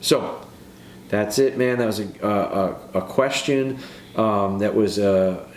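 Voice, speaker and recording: A man with a lowish voice talks through dog training like a casual podcast host, earnest and given to restarting his sentences. He sounds like he is in an echoey room, with a faint hiss of noise behind him. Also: takes it slowly. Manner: earnest, repeats and restarts phrases.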